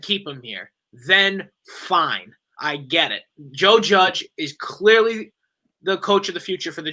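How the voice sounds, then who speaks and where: Bright-voiced man venting about his team. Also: on the high side. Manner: opinionated, frustrated. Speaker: sports show co-host. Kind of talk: casual sports discussion.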